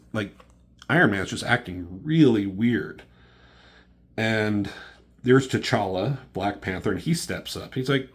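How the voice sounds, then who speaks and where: A man's voice: lowish voice, a little slow, pauses often. A man casually reviewing a comic book, rambling and swearing, acting out characters' lines in a raised voice. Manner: profane, rambling, acts out dialogue in raised voice.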